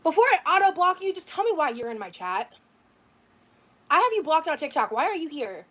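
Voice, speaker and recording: A woman's voice: high-pitched, very animated, a little fast, fairly bright tone. A woman livestreamer talking to her chat late at night, greeting viewers by name and swearing when annoyed.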